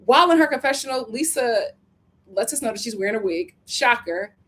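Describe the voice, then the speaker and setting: A woman hosting a casual reality TV recap, sassy and animated, laughing often as she talks. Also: a little high, a little fast.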